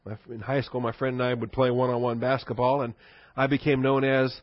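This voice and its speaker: A man's voice: mid-range voice, level tone, fairly quick, no room sound, muffled recording. A male pastor preaching a sermon in a conversational teaching manner, asking rhetorical questions and chuckling.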